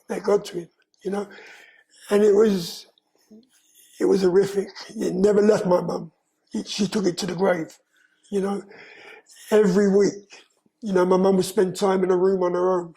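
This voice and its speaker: An older man, slowly and earnestly telling his life story in an interview, with frequent "you know". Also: sits high, creaky, mellow, low-quality recording. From London, England. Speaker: guest.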